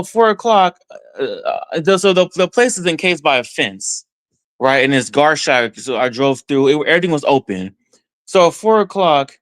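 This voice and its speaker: A Texan man, appearing as a podcast guest, excitedly tells a story in the first person and voices his own reactions along the way, quoting what he said to himself. His voice is a little high, and the audio is close and dry with no room echo.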